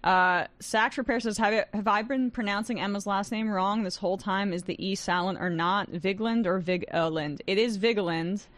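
A young adult woman with a medium-pitched voice fills in as host of a news talk show, reading headlines and commenting casually. She's wry and sarcastic and laughs often. There's no echo.

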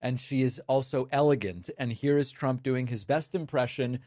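A man's voice: mid-range voice, moderate pace, darkish tone, no echo, studio quality. A man hosting political commentary, emphatic and incredulous, with a sarcastic edge. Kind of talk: casual spoken commentary.

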